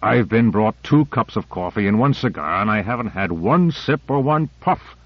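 A man's voice: on the low side, expressive, moderate pace, no room sound, muffled recording. A man playing an impatient older general who grumbles querulously, in an audiobook.

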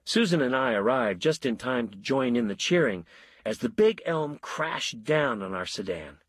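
An expressive male storyteller with a husky voice, reading an audiobook. His pitch moves around in a lively way, and the recording is dry and close. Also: moderate pace, dry recording. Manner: expressive, voicing many characters. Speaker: narrator. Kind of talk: audiobook narration.

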